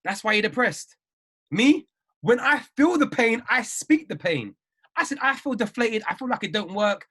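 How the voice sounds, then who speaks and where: Husky-voiced man coaching. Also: very high voice, animated, moderate pace, fairly bright tone. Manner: emphatic, repeats phrases, preachy. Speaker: trading mindset coach. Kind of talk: live-stream motivational talk answering viewers.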